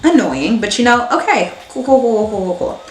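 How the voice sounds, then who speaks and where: A woman's voice: a little high, animated, normal speed, reverberant, faint music behind. A young woman telling a dramatic, slangy storytime on her vlog, laughing as she goes. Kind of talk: animated storytime.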